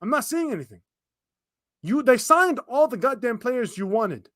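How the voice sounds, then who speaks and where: Exasperated high-voiced man ranting on a livestream. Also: sing-song, fairly bright tone, dry recording, clean studio sound. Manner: exasperated, fast ranting with frequent restarts and swearing. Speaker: fan commentator reacting to a live match. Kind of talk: livestream watchalong rant.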